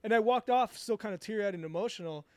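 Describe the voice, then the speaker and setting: A man's voice: high-pitched, fast talker, a little mellow, no echo. A young man from Southern California, co-hosting a casual podcast chat and telling a rambling, crude story full of swearing. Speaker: podcast co-host.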